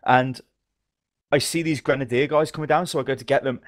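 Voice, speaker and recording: A man co-hosting a podcast, telling game stories in a fast, animated, swearing manner. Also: medium pitch, no room sound, clean studio sound. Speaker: podcast co-host. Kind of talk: casual gaming chat.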